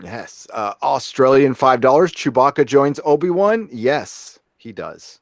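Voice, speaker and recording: A man of middling pitch hosting a casual live stream. He reads donor names and messages aloud and adds offhand remarks. His voice sounds close and dry, with no room around it. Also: lively intonation, a little slow, creaky, no room sound. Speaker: live stream host reading donations.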